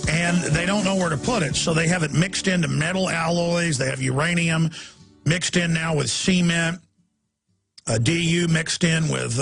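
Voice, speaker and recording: Gravelly, high-pitched ranting radio host. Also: male voice, fairly bright tone. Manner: heated, rapid-fire ranting. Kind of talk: talk radio monologue.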